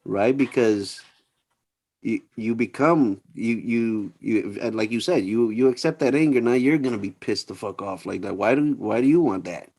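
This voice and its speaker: A man co-hosting a podcast who talks in a relaxed way, with casual swearing and restarts. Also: fairly low pitch, moderate pace, husky. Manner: relaxed, swears freely, repeats himself. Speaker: podcast co-host. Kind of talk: casual chat.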